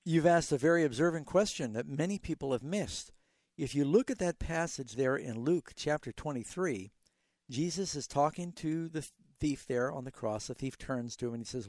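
A man's voice: medium pitch, moderate pace, no echo. A middle-aged man hosting a call-in radio Bible show as pastor, explaining passages with stories and emphatic delivery. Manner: explanatory, tells illustrative stories, animated emphasis.

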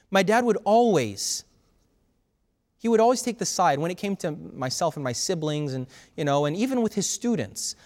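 Man, preacher, earnest, halting restarts, fairly high voice, long hall reverb. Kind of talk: sermon.

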